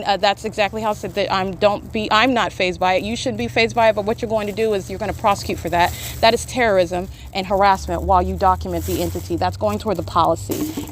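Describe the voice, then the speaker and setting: A woman podcaster giving live, insistent commentary outdoors by a street, with frequent filler sounds. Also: mid-range voice. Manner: rapid, insistent talk with many filler sounds. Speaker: podcaster documenting in real time. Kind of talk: live self-recorded commentary. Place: outdoors beside a street, sitting in shade. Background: passing traffic and plane engines.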